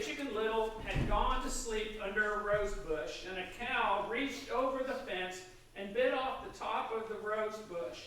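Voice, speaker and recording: A man preaching a sermon in a church, retelling a children's story in a relaxed, loose way with fillers and self-corrections. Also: high voice, slight background noise. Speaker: priest. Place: church sanctuary. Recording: echoey church from far off.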